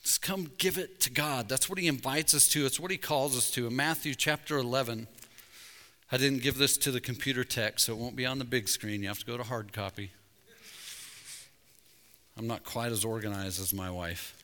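Bright-voiced male pastor preaching in a reverberant hall. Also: medium pitch, normal speed. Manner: conversational preaching with jokes and swelling emphasis. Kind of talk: sermon. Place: church sanctuary. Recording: reverberant church sanctuary.

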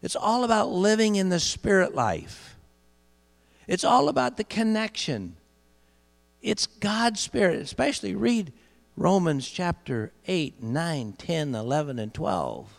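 Middle-aged preacher, gravelly and animated; sermon, big echoing hall, mains hum. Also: male voice, sits high. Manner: builds to loud emphatic peaks, slows for key phrases. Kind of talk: sermon storytelling.

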